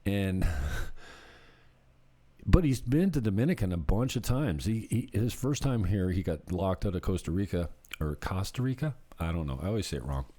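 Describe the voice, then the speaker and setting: A low-pitched man with a dark, mellow tone, talking loosely as a realtor on his own channel. His voice swings up and down a lot as he spins a rambling, jokey anecdote. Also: very animated, normal speed. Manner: rambling, jokey storytelling with laughs. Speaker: real estate agent. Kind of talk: casual vlog chat.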